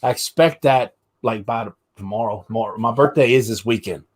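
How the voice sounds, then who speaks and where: A man's voice: medium pitch, a little fast. A young adult man hosting a casual livestream, joking with guests and showing products. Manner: chatty, joking, shows products. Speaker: livestream host.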